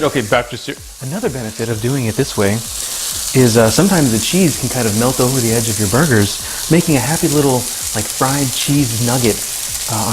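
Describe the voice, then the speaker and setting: Over a noisy background, a man with a medium-pitched voice cooks in his home kitchen during a live stream. He's excitable and jokey, calling out viewers by name and thanking them as he chats casually.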